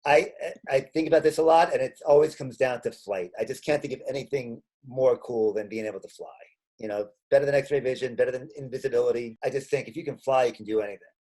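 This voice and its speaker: A middle-aged man from Staten Island talks. His voice sits at an ordinary middle pitch. He answers questions casually and keeps stumbling into restarts and self-corrections. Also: quick pace, warm tone. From Staten Island, New York. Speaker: interview guest, comedian.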